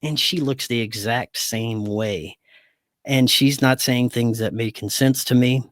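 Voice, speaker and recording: A man guest on a podcast, recounting a personal experience in a casual, animated way and acting out the dialogue. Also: medium pitch, slow, dry recording, clean studio sound. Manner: animated, acts out quoted dialogue. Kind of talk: casual storytelling.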